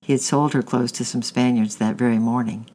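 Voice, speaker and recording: A man reading a storybook chapter aloud in a steady narration, often correcting himself mid-phrase. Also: mid-range voice, fairly quick, poor audio. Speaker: audiobook reader.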